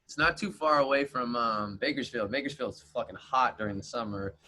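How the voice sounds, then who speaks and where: Young man, podcast host, fast and slangy, laughs a lot, mid-pitched. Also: pushed and bright, slight background noise. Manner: fast-talking, laughs often, heavy slang and swearing. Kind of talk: casual conversation.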